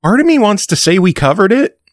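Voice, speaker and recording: A man's voice: high-pitched, big pitch swings, a little fast, dry recording, clean studio sound. A man hosting a gaming podcast, joking casually and running through the news with a playful delivery. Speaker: podcast host reading the news.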